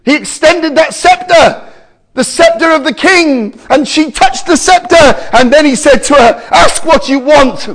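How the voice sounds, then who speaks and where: A man preaching a sermon to a congregation, emphatic, with loud exclamations and quiet asides. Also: extremely high pitch, measured pace.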